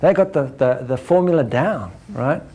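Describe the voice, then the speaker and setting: A man giving a lecture to an audience, animated, acting out examples and ending points with "right?". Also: mid-range voice, moderate pace, husky. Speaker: speaker.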